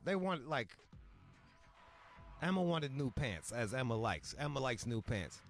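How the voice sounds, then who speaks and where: A man's voice: medium pitch, sing-song, a little slow, long pauses, faint music behind. A man from Michigan telling a long, profane story in casual chat, full of asides and acted-out quotes. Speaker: podcast host.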